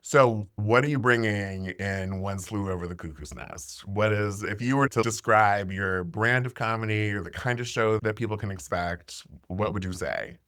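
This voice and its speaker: A man's voice: on the low side, moderate pace, few pauses, fairly bright tone, no room sound, studio quality. A man hosting a podcast who asks questions and laughs along easily with his guest. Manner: laughs easily, short affirming replies. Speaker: podcast host. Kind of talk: casual interview chat.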